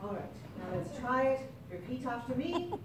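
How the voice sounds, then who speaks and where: A woman playing a patient adult drama teacher who directs a school play and gently coaches her students. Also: fairly high pitch, big pitch swings, moderate pace. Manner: encouraging, instructive. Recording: distant very echoey noisy room.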